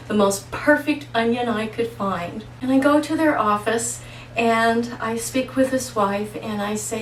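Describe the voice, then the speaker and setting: A woman speaking slowly and earnestly, leaning hard on key words as she tells her stories. Her voice sits a little high and comes from some way off the mic, with a roomy echo around it and a faint hiss underneath. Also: distant mic. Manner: slow, emphatic and earnest. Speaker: holistic practitioner and intuitive. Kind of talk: casual storytelling monologue. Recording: echoey room, voice away from mic.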